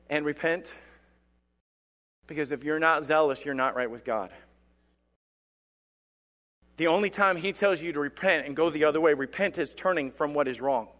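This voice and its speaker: A man preaching a sermon as lead pastor, swinging between loud declarations and quiet, low asides. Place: church sanctuary. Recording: long hall reverb.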